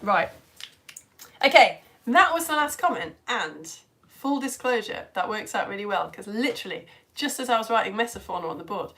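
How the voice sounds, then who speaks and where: A woman and mother, chatting excitedly to her live-stream audience as she reads out their comments. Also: brisk. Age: adult parent. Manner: excitable, chatty, with big swings in pitch and loudness. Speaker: live-stream educator reading chat comments.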